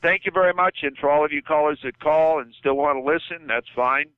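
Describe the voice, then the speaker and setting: Older male coach calling in by phone, earnest and heartfelt, crisp voice through a tinny line. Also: fairly high pitch, fairly quick, no room sound. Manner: passionate, repeats himself, says okay. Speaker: football coach guest. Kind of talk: podcast phone-in chat.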